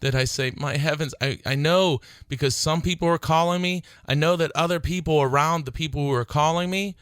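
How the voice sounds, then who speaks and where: A middle-aged man hosting his own radio talk show, speaking earnestly and growing excited as he urges listeners to call. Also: a little high, fairly quick, clean tone, dry recording. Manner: earnest, excitable, laughs between phrases. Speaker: attorney and radio show host.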